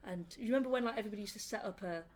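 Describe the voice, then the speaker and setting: A young woman with a Northern English accent, a comedian chatting in a casual interview and telling animated, laughing stories. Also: medium pitch, rapid-fire. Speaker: comedian guest. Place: indoor room.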